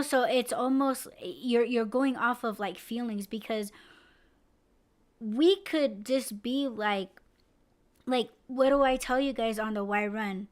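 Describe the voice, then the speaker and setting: A woman podcast host in casual chat, rambling with lots of fillers and swearing freely. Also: on the high side. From United States.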